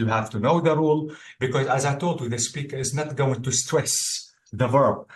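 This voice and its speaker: A male English exam tutor teaching one-on-one, explaining step by step and often checking in with "okay?". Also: mid-range voice.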